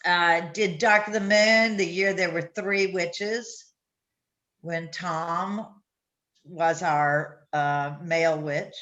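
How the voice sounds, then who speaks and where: Slow-talking woman reminiscing fondly. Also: fairly low pitch, dull audio. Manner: slow, warm, sentimental. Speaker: former cast member. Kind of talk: casual reminiscing on a video call. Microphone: video call.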